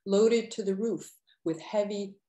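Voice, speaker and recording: Slow, measured woman reading poems. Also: mid-range voice, warm tone, roomy sound. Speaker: poet reading her work. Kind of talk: poetry reading.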